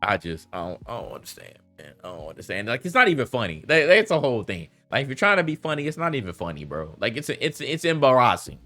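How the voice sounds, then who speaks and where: A man's voice: mid-range voice, sing-song, fast talker, few pauses, bright, forceful tone, soft background music. A man giving a casual, slangy commentary rant, laughing often and talking loosely with lots of fillers. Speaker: commentary vlogger.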